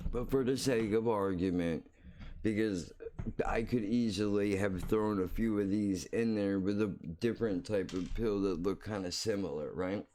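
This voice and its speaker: A man's voice: lowish voice, warm tone. A man hosting his own show, telling a rambling story bluntly and swearing freely. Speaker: podcast host. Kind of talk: casual storytelling monologue.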